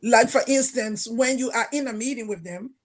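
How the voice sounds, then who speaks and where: A woman from Liberia talks over a video call in a relaxed group discussion. She is emphatic and stern. She drives her points home and recounts her own conversations. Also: on the high side, normal speed. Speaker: panel guest.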